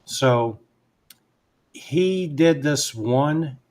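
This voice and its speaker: Man telling a relaxed personal story. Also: fairly high pitch, very slow. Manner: relaxed storyteller who acts out both sides of remembered dialogue. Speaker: guest hypnotist. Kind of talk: casual anecdotal storytelling.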